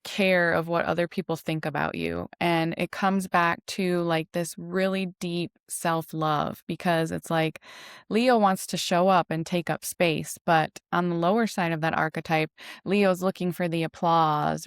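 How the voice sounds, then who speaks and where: A woman astrologer talks in a flowing, reflective way, leaning on "you know" and "right" as she explains. Her voice is somewhat low, with a gravelly texture that still sounds smooth and resonant. The sound is dry and close. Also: unhurried, dry recording. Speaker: astrologer guest. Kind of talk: casual podcast conversation.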